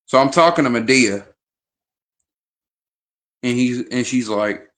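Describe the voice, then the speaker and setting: A man's voice: mid-range voice, takes it slowly, pauses often, a bit bright. A man vlogging in a casual chat to camera, rambling and hesitant with frequent restarts.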